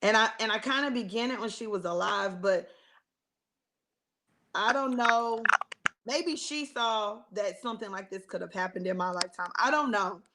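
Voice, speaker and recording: A woman's voice: medium pitch, normal speed, sharp tone, slight background noise, low-quality recording. A woman guest artist on a video call, speaking earnestly and gratefully with hesitant ums. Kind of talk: casual panel chat.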